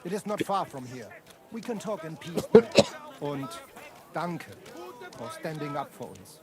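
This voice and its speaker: An actor playing a proud, hot-tempered German sword master in a video game, speaking English with a German accent and German words mixed in. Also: male voice, a little high, very animated, a little slow, a crowd in the background. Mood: friendly.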